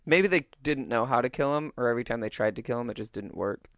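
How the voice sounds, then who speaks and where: A man's voice: medium pitch, fast talker, no echo, studio quality. A man co-hosting a casual movie-review chat, rambling with lots of "like" and self-corrections. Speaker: podcast co-host.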